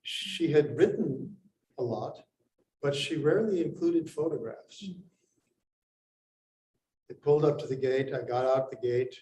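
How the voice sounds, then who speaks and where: A man from India telling a personal story to an audience, unhurried with pauses and lively acted quotes. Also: mid-range voice. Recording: roomy, distant mic, faint noise.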